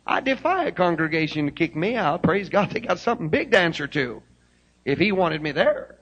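Fervent high-voiced preacher man. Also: very animated, moderate pace, husky, rough recording. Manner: fervent preaching, rising to shouted hallelujahs. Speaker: pastor. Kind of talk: sermon. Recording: old 1970s live sermon tape.

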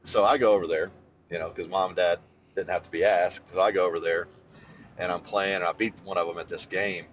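A man co-hosting a podcast, telling a childhood story in casual chat, swearing freely, and getting animated as he goes. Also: fairly quick, highs cut off, slight background noise. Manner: animated, swears freely, voice jumps high when excited. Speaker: podcast co-host.

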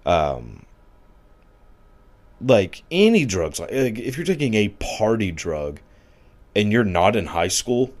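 A man with a deep, low-pitched voice rants in a crude, sarcastic way, swearing often. He fills his sentences with "like" and "I mean" as he piles up mocking complaints. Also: very animated, slow, pauses often. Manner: crude, sarcastic, heavy use of filler "like". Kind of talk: profane comedic rant.

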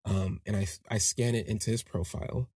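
A man hosting a podcast, telling a personal story in a casual monologue and acting out the people in it with big jumps in pitch. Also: a little fast, husky, no echo, studio quality. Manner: animated, acts out quoted voices with big pitch jumps. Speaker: podcast host.

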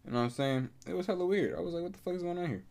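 A young male podcast host tells stories on his solo show in laid-back, slang-heavy casual chat, laughing often. His voice is high, creaky, and darkish in tone, and he talks at a racing pace.

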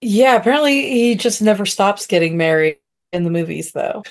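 A woman co-hosting a podcast, chiming in with excited, profane jokes during a movie discussion. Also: medium pitch, normal speed. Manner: excitable, profane, jokey interjections. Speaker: podcast co-host. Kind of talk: casual movie chat.

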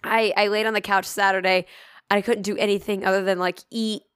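A woman with a hoarse voice that is nearly gone, swearing and making fun of herself while chatting as a podcast co-host. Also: medium pitch, little pitch movement, brisk, fairly bright tone, no echo, studio quality. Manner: swears freely, self-mocking. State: hoarse, losing her voice. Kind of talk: casual chat.

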